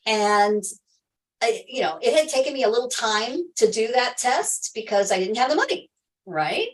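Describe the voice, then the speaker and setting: A woman's voice: fairly high pitch, lively intonation, normal speed, recorded from a distance, poor audio. A middle-aged woman hosting a health livestream, telling a personal story to viewers in an emphatic way, repeating key phrases and laughing often.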